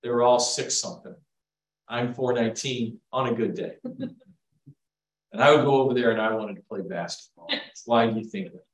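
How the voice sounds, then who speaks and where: A man preaching a sermon, swinging between hushed asides and loud emphasis. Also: medium pitch, normal speed, pauses often. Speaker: pastor. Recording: echoey room, mic from far off.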